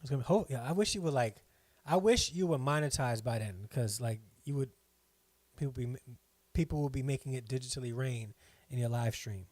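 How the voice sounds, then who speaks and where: Man, middle-aged, live stream host, rambling casual chat, reads comments aloud, mid-pitched voice, dry room. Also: fairly quick, darkish tone, no echo. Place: at home.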